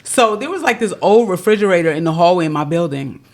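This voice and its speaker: A woman's voice: on the low side, fast talker. A woman co-hosting a casual podcast chat, telling childhood stories with lots of laughter and acted-out quotes. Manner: animated storyteller, acts out quoted voices, laughs often. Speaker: podcast co-host.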